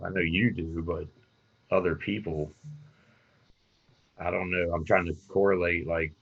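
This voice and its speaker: A man playing a tabletop game, asking curious, halting questions. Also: low-pitched, fairly even intonation, gravelly, fairly bright tone, husky, lo-fi sound. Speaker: player. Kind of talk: tabletop role-play questioning.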